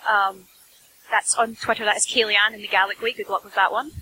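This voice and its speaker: Scottish woman, podcast co-host, wry, self-mocking, bright clear tone. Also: mid-range voice, level tone, brisk, slight background noise, rough recording. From Scotland, near Dundee. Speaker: podcast co-host, book reviewer. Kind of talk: casual podcast chat.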